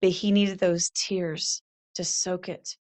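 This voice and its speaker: A woman's voice: on the low side, level tone, slow pace, darkish tone. A middle-aged woman hosting a faith-based podcast, talking earnestly and reading scripture aloud. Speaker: podcast host. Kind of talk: faith-based motivational talk.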